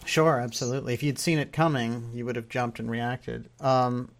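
A man's voice: mid-range voice, little pitch movement, normal speed, gravelly. A man hosting an interview, asking curious follow-up questions. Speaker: interviewer, host.

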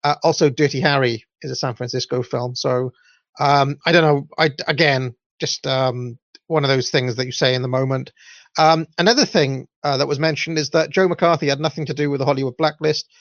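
A man's voice: fairly even intonation, a little fast, no room sound. A young adult man with a Welsh accent, hosting a show and chatting casually through listener comments, with lots of ums and uhs. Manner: rambling, full of ums and uhs. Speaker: podcast host. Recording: dull, low-fidelity audio, dry.

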